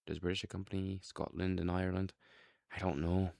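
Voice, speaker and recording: A man's voice: sits low, little pitch movement, brisk, creaky, pauses often, a little mellow, no room sound, studio quality. A man casually demonstrating accents, rambling with many fillers. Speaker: video host.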